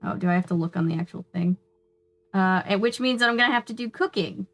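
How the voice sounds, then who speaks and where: A woman's voice: medium pitch, fast. A young woman giving casual, jokey commentary while playing a detective game. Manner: chatty, offhand, jokey. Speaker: gaming YouTuber.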